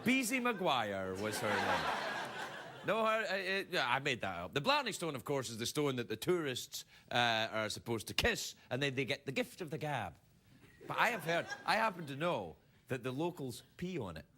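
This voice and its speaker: A man's voice: mid-range voice, normal speed, heavy background noise. A middle-aged man, hosting a late-night talk show and joking through a comic monologue. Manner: animated, joking, laughing at own jokes. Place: TV studio with live audience.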